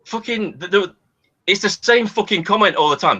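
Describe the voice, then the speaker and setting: A man's voice: high voice, sing-song, normal speed, sharp tone, muffled recording. A man angrily arguing on a video call, swearing and talking over the other person. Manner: angry, swearing, interrupting. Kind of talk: heated online argument.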